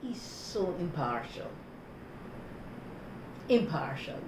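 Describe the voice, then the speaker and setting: A woman's voice: lowish voice, animated, a little slow. A woman with a Jamaican accent casually teaching patois words, saying phrases in patois and then giving the plain English word. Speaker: host. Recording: roomy with background noise.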